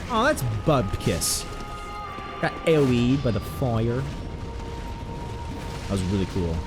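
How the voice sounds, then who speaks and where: A man's voice: medium pitch, wildly swooping pitch, slow pace, over music. A young man chatting casually while he streams a game, rambling and mocking his own mistakes. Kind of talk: casual gameplay commentary.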